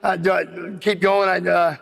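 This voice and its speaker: A man's voice: high-pitched, little pitch movement, normal speed, gravelly, fairly bright tone. A man giving a rambling personal recovery share at a meeting, full of "you know what I mean.". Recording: long hall reverb.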